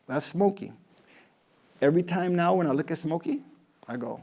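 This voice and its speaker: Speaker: man, slightly high voice, loose, jokey storyteller who restarts his sentences, motivational talk to a crowd. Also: animated, normal speed, pauses often, a little mellow. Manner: chatty, jokey, many restarts.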